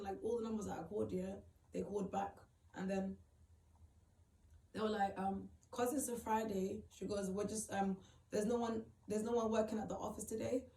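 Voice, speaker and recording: A woman's voice: medium pitch, mellow. Young woman, echoey room. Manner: rambling, retells conversations with quoted voices. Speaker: vlogger. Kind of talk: emotional storytelling to camera. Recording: echoey room, far from the mic.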